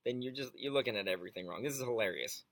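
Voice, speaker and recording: A man's voice: medium pitch, rapid-fire, vocal fry, fairly bright tone, no room sound. A man co-hosting a radio talk show in casual, amused, wry chat.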